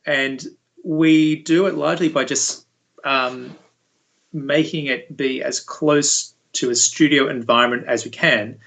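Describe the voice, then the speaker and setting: A man speaking as an interview guest, a university VFX lead explaining things in a relaxed, conversational way. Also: mid-range voice, measured pace, vocal fry, rough recording. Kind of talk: casual interview chat.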